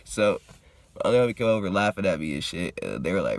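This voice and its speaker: A young man with a very low, gravelly voice tells a story in a relaxed, slangy way, swearing freely. He's high and smoking as he talks, and the sound is dry and close. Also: fast talker, no echo. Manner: laid-back, slangy, profane. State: high, smoking while talking. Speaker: vlogger. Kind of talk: casual storytime.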